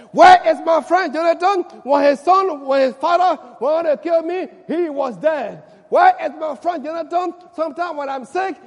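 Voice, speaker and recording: A man voicing a grieving king who mourns his dead friend in loud, pleading repeated cries. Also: very high-pitched, pitched above the performer's own voice, full character voice. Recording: long reverb of a large hall.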